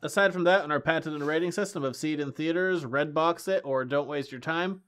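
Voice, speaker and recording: On a casual comics podcast, a co-host in his late twenties jokes around with animated energy and laughs often. He has a fairly high, clean-toned voice and talks a little fast.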